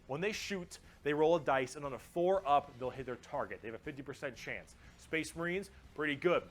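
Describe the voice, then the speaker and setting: A man riffs through a reaction video in a loose, profane and goofy way. His voice sits a little higher than most men's. He talks with an eager, excitable energy. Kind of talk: casual commentary.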